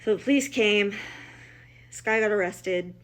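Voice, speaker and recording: Middle-aged mother, personal storytelling, blunt and emotional, mid-pitched voice, restarts often. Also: unhurried. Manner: emotional, blunt, quotes others in dialogue, many restarts. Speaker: mother telling her family's story.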